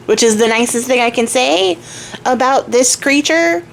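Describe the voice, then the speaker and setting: A woman's voice: sits high, normal speed, creaky, a little hiss or hum. A woman host retelling a folk tale in a chatty, slangy way, often laughing. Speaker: craft channel host.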